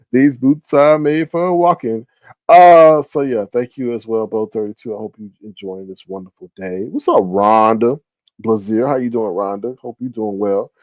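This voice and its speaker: A man hosting a casual live stream, chatting with viewers and greeting them by name. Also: no echo. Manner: animated, shoutouts to viewers, big jumps into high exclaims.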